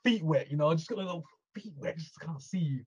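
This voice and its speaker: A man's voice: fairly high pitch, fast, a little mellow, breathy edge. A man co-hosting a podcast, chatting casually, joking and repeating phrases. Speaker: podcast co-host. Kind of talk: casual chat. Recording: dull lo-fi recording.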